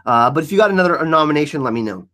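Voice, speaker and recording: A man's voice: on the high side, very fast. A man hosting a live stream, chatting casually and joking as he answers viewers in the chat. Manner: animated, joking, reacting to chat.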